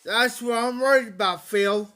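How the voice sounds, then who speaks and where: A man's voice: extremely high pitch, normal speed, pushed and bright. A man hosting a casual livestream, talking anxiously to viewers, pleading for help and repeating himself. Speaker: livestream host.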